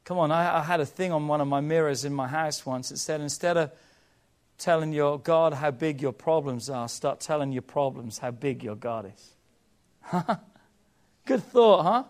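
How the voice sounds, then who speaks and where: A male pastor preaching a sermon in a high voice for a man. He builds to loud, emphatic peaks and then drops to hushed, low endings, calling on the congregation to answer him along the way. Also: animated, moderate pace. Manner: impassioned, calls for congregation response.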